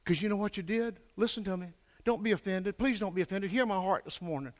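An older man preaching a fervent sermon, swinging from hushed lines to shouted peaks and calling for answers from the congregation. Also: sits high, fast. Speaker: pastor. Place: church sanctuary. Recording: echoey church hall.

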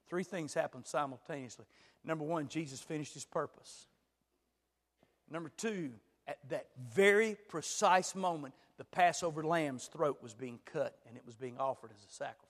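A man preaching a sermon, dropping to hushed lines and then building to loud, shouted climaxes. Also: on the high side, normal speed. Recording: long hall reverb.

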